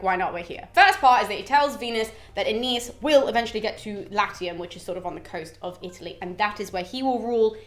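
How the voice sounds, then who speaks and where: A woman casually retelling a classic epic for viewers, joking and slipping into quick character voices. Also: a bit bright. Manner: chatty, jokey, acts out characters' lines with raised pitch. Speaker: literature summary vlogger.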